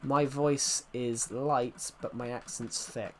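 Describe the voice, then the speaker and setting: Young man, English accent, game streamer, casual rambling chat, repeats and restarts sentences, middling pitch. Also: steady tone, takes it slowly, darkish tone, a little hiss or hum. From England.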